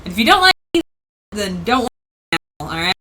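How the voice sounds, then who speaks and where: A woman's voice: medium pitch, very animated, fast talker, noisy background. A woman hosting a casual livestream, rambling through tangents and laughing often. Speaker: host.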